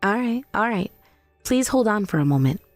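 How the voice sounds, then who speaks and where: A woman voicing a cool young wife in a scripted drama, who accuses in a calm, cutting way. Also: medium pitch, moderate pace, dry recording, soft background music, close to an everyday voice. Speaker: daughter-in-law.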